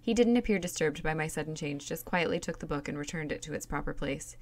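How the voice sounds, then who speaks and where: A woman reading a novel aloud in steady, plain storytelling. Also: low-pitched, fast talker. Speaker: reader.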